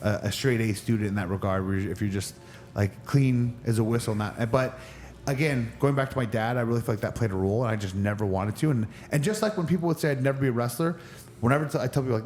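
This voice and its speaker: Fast-talking man with an injured knee. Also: mid-range voice, darkish tone, slight background noise. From Northern California. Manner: rambling storyteller with many restarts. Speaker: professional wrestler guest. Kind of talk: casual podcast interview.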